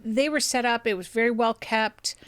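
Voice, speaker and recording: A woman's voice: fairly high pitch, moderate pace, a bit bright, smooth, no echo. A young woman co-hosting a podcast, chatting casually and rambling with fillers and restarts. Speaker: podcast co-host. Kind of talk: casual chat.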